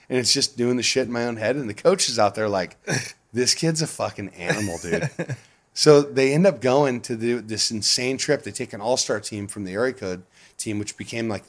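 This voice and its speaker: A man being interviewed, telling stories in a casual, animated way with a lot of swearing and frequent laughter. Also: medium pitch. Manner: profane, animated, laughs often. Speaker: guest. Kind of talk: casual storytelling.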